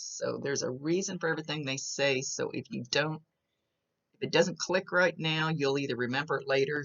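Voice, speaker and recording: A woman medium with a rumbling low voice and vocal fry delivers a chatty recorded reading to a client. She narrates her visions as they appear and restarts her sentences often, on a muffled recording.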